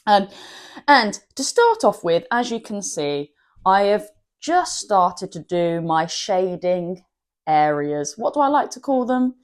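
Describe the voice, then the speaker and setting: A woman's voice: mid-range voice, sing-song, takes it slowly. A woman hosting an art channel, giving a chatty drawing tutorial and laughing at herself now and then.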